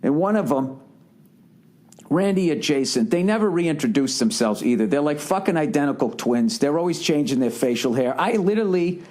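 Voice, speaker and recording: Middle-aged man ranting, fairly high-pitched. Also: animated, normal speed, a little mellow. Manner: profane, ranting, worked-up. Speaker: podcast host. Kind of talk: casual monologue.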